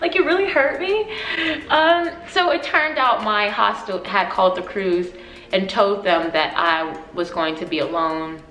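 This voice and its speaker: A woman in her twenties telling a story for her vlog, animated and emotional, often laughing. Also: on the low side, echoey room, low-quality recording. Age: 20s.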